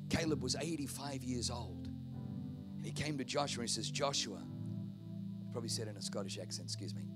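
A man preaching a sermon in a fervent, repetitive style that builds into exhortation. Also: mid-range voice. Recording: loud guitar music behind.

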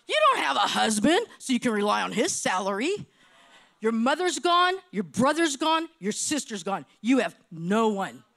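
A woman's voice: fairly high pitch, sing-song, unhurried, gravelly, a bit bright, voice pushed down, full character voice. A woman voicing a cruel male devil who mocks and taunts with repeated jeers. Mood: taunting.

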